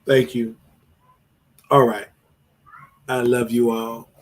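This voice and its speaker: An emotional man hosting a casual livestream, thanking his viewers again and again in an effusive, repetitive way. His voice sits at an ordinary middle pitch. He sounds shaken up after crying. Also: level tone. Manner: jumps to high drawn-out greetings when welcoming viewers. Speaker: livestream host. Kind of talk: emotional live stream chat with viewers.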